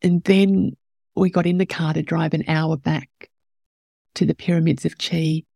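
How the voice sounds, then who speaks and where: A woman's voice: low-pitched, level tone, measured pace, gravelly, dark tone, dry recording, studio quality. A woman hosting a podcast, telling a personal story in an emotional, candid way and growing teary as she talks. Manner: emotional, tearful at moments, candid with swearing. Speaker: podcast host.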